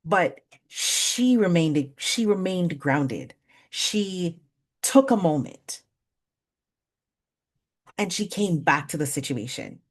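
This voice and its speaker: A woman in her forties leading a parenting workshop, talking conversationally, laughing at herself and slowly counting out breathing exercises. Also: lowish voice, expressive. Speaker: workshop facilitator. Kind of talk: guided breathing exercise and storytelling talk.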